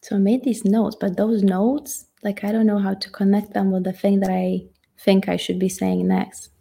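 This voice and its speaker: A woman teaching how to communicate, in a reflective, halting way that thinks aloud. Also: medium pitch, flat delivery, vocal fry, dark tone, slightly rough. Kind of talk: casual teaching talk.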